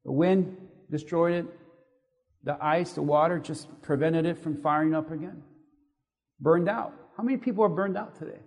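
A man preaching a sermon to a congregation, animated and asking the audience questions. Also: a little high, normal speed. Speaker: pastor. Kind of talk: sermon with audience call-and-response. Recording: echoey hall reverb.

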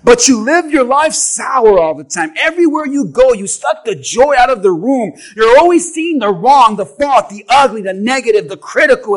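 A man preaching a sermon to his church with an object lesson, animated and swinging from quiet asides to shouting. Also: very high voice, normal speed, hardly any pauses. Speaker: pastor.

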